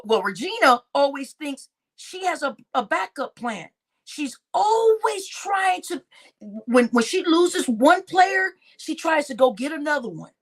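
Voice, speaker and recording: Woman vlogger spilling gossip, high voice swinging all over, laughs a lot and cusses. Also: a bit bright. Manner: laughs often, swears freely, repeats phrases. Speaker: YouTube commentator. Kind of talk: casual gossip commentary.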